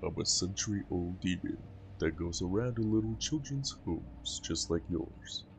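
A man voicing a boastful century-old male demon in a deeper, taunting put-on voice for a video game. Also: expressive, measured pace, slight background noise.

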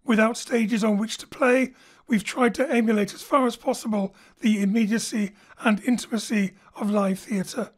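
A woman announcer reading a scripted introduction in a measured, formal way, recorded in a home studio. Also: fairly high pitch, fairly even intonation. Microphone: home studio microphone.

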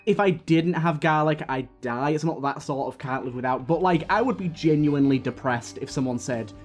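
Over soft background music, this man talks at a normal speed in a voice on the higher side. He's a gaming YouTuber rambling through casual commentary as he plays, full of fillers and restarts, with the occasional hiccup.

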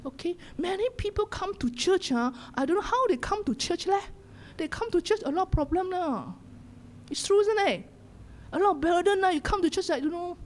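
A middle-aged woman pastor with a Singaporean English accent preaching a sermon in a church, swinging from loud exhortation to hushed whispers. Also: very high voice, animated, brisk. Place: church sanctuary.

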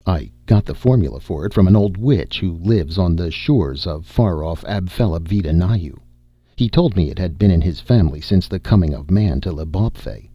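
A man voicing a crafty, confident male rebel who talks smoothly and persuasively. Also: low voice, expressive, normal speed, no echo, muffled recording. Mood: sly.

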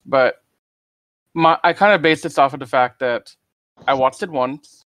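A man chatting on a podcast in a relaxed, rambling way, candid and a little halting. His voice sits at an ordinary pitch and sounds close and dry, with no room echo. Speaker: podcast co-host. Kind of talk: casual podcast chat.

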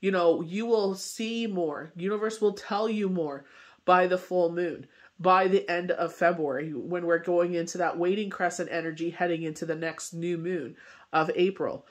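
He has a high voice with fairly even intonation and a moderate pace. As a tarot reader and medium, the man offers an informal spoken forecast, rambling and leaning heavily on fillers.

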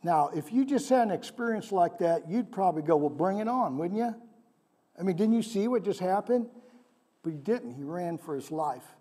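A male pastor with a high, mellow, expressive voice preaches conversationally at a moderate pace, often asking his congregation questions. He is in a church sanctuary, and the recording carries the long reverb of a large hall.

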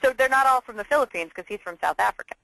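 Bubbly bright-voiced woman host. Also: a little high, expressive, creaky, no echo, low-quality recording. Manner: bubbly, enthusiastic, talks in quick bursts. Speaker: interview host. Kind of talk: casual business interview.

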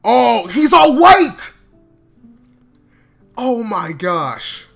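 A man reacting live to what he is watching, his high voice swinging widely between hushed murmurs and excited outbursts. He talks in an unhurried, drawn-out way, full of casual slang. His tone is bright and forward. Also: gravelly, soft background music. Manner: excitable, bursting into exclamations and laughs; slangy, casual filler talk. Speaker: reaction video host.

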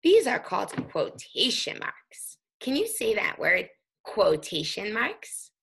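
A woman teaching an early reading lesson, speaking slowly and sounding out letters for young children. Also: on the high side, big pitch swings, creaky, fairly bright tone, breathy edge. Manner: slow, sing-song, sounding out letters.

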